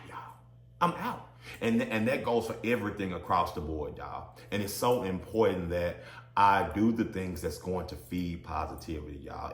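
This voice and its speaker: A man's voice: deep voice, fairly bright tone. A man hosting a podcast, giving a motivational self-help talk. He preaches, keeps calling his listeners y'all and builds to emphatic peaks. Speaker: podcast host. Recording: echoey room.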